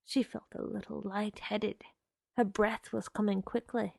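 A woman narrates literary fiction in an unhurried, hushed, low-key way. Her voice has a gravelly grain and keeps a slow pace. The recording is dry and close, with no room sound. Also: little pitch movement, no room sound.

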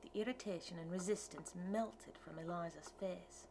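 A woman narrating an audiobook in a measured, even storytelling manner. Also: lowish voice, slight background noise, low-quality recording. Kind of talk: scripted narration.

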